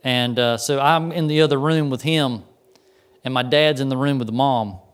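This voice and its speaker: A man's voice: mid-range voice, normal speed, clear, resonant tone. A pastor preaching a sermon in a conversational way, often repeating words as he tells stories.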